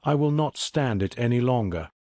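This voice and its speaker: A man's voice: medium pitch, lively intonation, normal speed, dark tone, no room sound, clean studio sound, natural voice. A man voicing a proud, sullen young man who defends himself with defiance. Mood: defiant.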